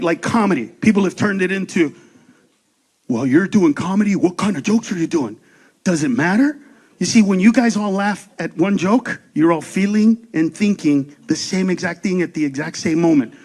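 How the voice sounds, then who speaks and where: A middle-aged man doing live stand-up comedy, loud and profane, acting out characters with shouted punchlines. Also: high-pitched.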